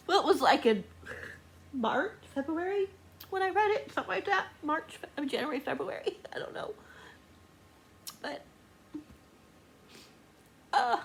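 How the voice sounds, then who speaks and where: A woman's voice: sits high, animated, a little slow, pauses often, slight background noise. A woman book vlogger talking casually and emotionally, crying and laughing through tears as she talks to the camera. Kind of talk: casual reading vlog.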